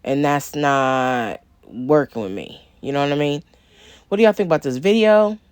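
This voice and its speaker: A woman's voice: deep voice, normal speed, a little mellow, clean tone, no room sound. A woman hosting a reaction video, bluntly and emphatically talking to her viewers. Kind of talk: casual reaction commentary.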